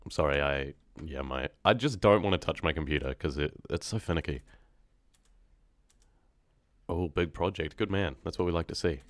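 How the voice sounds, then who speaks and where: A young man with a New Zealand accent talks to his live chat in a very deep, low voice. He is casual, slangy and quick to laugh. The sound is close and dry, with keyboard clicks behind. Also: dry recording. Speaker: horror story narrator live-streaming.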